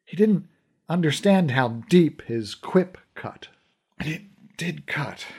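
A man's voice: medium pitch, darkish tone, breathy edge. A man giving heartfelt, emotional first-person story narration.

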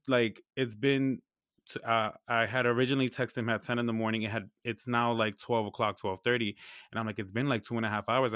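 A young man tells a story in casual, slang-heavy, often profane speech, acting out both sides of each conversation with lively swings. His pitch sits in an ordinary middle range. The sound is dry and close, with no room around it. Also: clear, resonant tone, dry recording. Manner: animated, slangy and profane, acts out dialogue.

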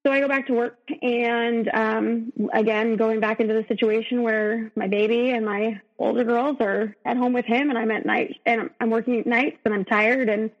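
A woman with a somewhat high voice recounts her personal story as an interview guest, earnest and emotional, often breaking off and starting over. The recording is dull and lo-fi. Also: steady tone, moderate pace, hardly any pauses. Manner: earnest and emotional, with frequent restarts. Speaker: podcast guest. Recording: dull, lo-fi sound.

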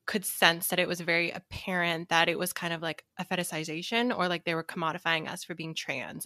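A woman's voice: on the low side, sharp tone, no room sound, studio quality. A young woman co-hosting a podcast, chatting casually and laying out her views in long, thoughtful sentences. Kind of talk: casual chat.

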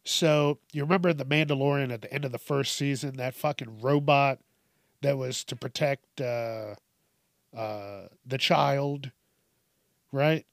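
A man's voice: medium pitch, a little slow, vocal fry, no room sound, studio quality. A man hosting casual comedic news commentary, swearing often, laughing and riffing on stories.

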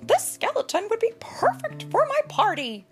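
A woman voicing a cheerful young male cartoon mouse in a storybook reading, high and eager. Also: wildly swooping pitch, normal speed, soft background music, exaggerated voice.

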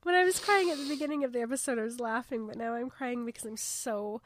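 A woman's voice: on the high side, fast. A woman co-hosting a casual chat, gushing and emotional about the story. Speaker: podcast co-host.

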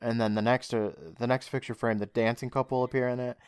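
A man's voice: mid-range voice, fast, smooth, dry recording, clean studio sound. A man co-hosting a podcast, casually retelling a show's plot and acting out the characters' lines. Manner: animated retelling, acts out lines. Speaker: podcast co-host. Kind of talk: casual recap chat.

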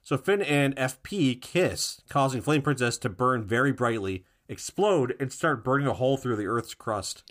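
Relaxed male co-host casually recapping an episode, mid-range voice. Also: medium pitch, normal speed, few pauses. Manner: relaxed retelling, sings a silly jingle now and then. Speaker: podcast co-host.

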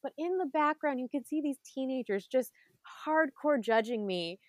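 A woman with a fairly high voice tells a story in casual chat, bubbly and quick with "like" fillers. The recording is dry and close, with no room sound. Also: no room sound. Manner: excited storytelling, many "like"s.

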